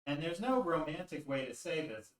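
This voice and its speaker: A man's voice: on the high side, expressive, normal speed. A man hosting a casual joking vlog, full of puns and crude asides, while he does weighted exercises. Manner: jokey, punning, crude asides. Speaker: YouTube host. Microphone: camera mic from a distance. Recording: roomy echo, far from the mic, faint noise.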